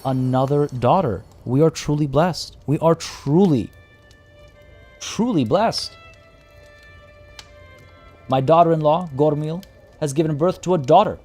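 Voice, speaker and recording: A man voicing an overjoyed elderly queen of a game dynasty, reading her lines slowly and theatrically. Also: fairly high pitch, a little mellow, soft background music, voice pushed up. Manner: slow, gushing, theatrically delighted.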